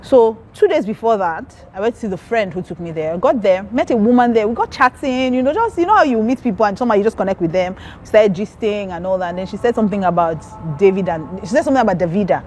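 A woman preaches her testimony at a mid-range pitch. She tells her story with lively storytelling and acts out the voices she quotes. Faint road noise sits behind her. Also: quick pace, few pauses. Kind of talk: testimony sermon.

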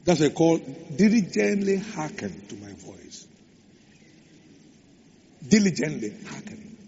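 A man's voice: a little high, big pitch swings, slow pace, dark tone. A man preaching a sermon, stressing and repeating key phrases. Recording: echoey hall, dull lo-fi sound, faint hum.

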